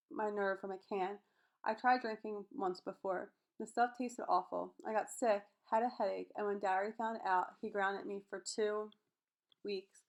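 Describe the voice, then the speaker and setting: A woman reading a novel chapter aloud, voicing every character in her own voice and sometimes stumbling and restarting a word. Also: medium pitch. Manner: reads all characters in her own voice, occasional slips and restarts. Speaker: audiobook reader.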